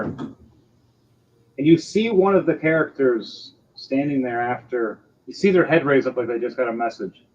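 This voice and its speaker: A man's voice: medium pitch, darkish tone. A man narrating as game master of a tabletop game, loose and full of ums and uhs. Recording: slightly dull, lo-fi sound with faint music behind.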